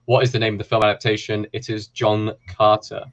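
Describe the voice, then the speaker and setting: A man hosting a film quiz, reading questions and answers with relaxed, chatty asides. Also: fairly low pitch, brisk, dull audio. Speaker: quiz host.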